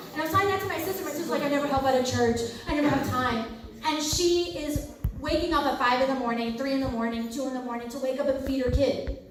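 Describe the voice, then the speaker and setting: Animated woman in an echoey hall. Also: fairly high pitch, slight background noise. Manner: chatty, animated, acts out quoted voices. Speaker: speaker. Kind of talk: lively faith talk. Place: campus ministry center hall. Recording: echoey hall, distant mic.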